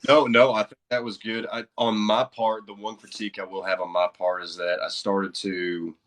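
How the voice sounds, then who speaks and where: A man's voice: lowish voice, level tone, normal speed. A man with a Southern American accent, a guest voice narrator chatting in a laid-back, modest way with many fillers. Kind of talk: livestream chat.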